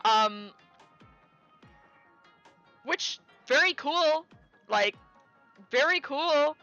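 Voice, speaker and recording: Bright-voiced woman telling a rambling story. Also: high voice, drawn-out words, dry recording, highs cut off, soft background music. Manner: animated, rambling with many fillers and restarts, quoting people in raised voice. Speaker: streamer. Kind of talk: casual chat, storytelling.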